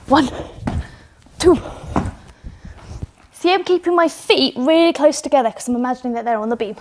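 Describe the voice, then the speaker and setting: Upbeat high-voiced woman coaching kids. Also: lively intonation, moderate pace, noisy background. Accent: British. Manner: encouraging, upbeat, breathy while exercising. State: out of breath. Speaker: children's gymnastics coach. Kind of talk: demonstrating exercises to children. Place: home indoors.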